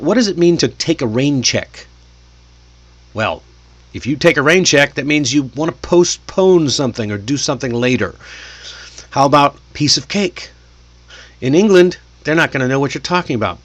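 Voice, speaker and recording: A man's voice: on the high side, moderate pace. Chatty American man teaching English. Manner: lively, chatty, laughs often and asks the viewer questions. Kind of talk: casual video lesson.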